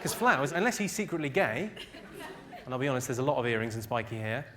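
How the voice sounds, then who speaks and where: A man doing stand-up, roasting the audience with a deadpan, teasing delivery on stage. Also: medium pitch, fast, background noise. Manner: deadpan, teasing crowd work. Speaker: stand-up comedian. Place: live theatre with an audience. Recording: loud audience laughter behind.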